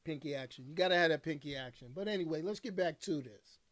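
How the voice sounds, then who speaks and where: A man's voice: fairly high pitch, quick pace, a bit bright. Slangy, rambling man streaming solo. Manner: slangy, rambling, fond of filler phrases. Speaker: host of a livestream talk show. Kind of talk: casual livestream chat.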